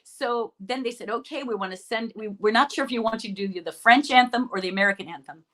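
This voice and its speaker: A woman's voice: on the high side, quick pace. A middle-aged woman, an actress guest, chatting over a video call and telling a story with acted-out quotes. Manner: animated storyteller, acts out quoted lines. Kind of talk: remote interview chat.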